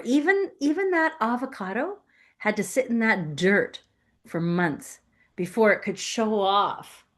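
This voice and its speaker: A woman giving a playful, emphatic inspirational sermon as a guest speaker, laughing often. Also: mid-range voice. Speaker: guest speaker at a spiritual center.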